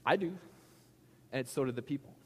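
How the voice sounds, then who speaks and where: A man's voice: medium pitch, moderate pace, darkish tone, husky, big-room sound. A male pastor giving a sermon in a conversational, joking way, asking the congregation questions.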